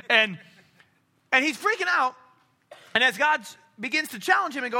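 A man's voice: extremely high pitch, animated, normal speed, pauses often, sharp tone. A man preaching a casual sermon, telling stories and acting out characters, with frequent restarts. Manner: storytelling, acts out characters in quotes.

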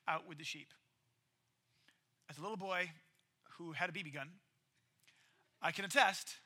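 A man preaching a casual, story-driven sermon in a lively, conversational way. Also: high-pitched. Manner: lively, conversational, acts out quoted characters.

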